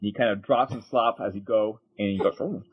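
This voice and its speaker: A man narrating a tabletop game as game master, lively and halting. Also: fairly low pitch, husky. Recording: dull, lo-fi recording.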